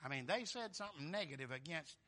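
Man, preacher, high bright voice, folksy, swings soft to loud. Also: lively intonation, quick pace. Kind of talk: sermon.

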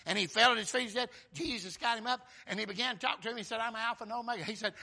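An older preacher with a high, very bright, piercing voice. He delivers a sermon, dropping to low murmurs and then leaping into shouted, high-pitched exclamations. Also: quick pace, vocal fry.

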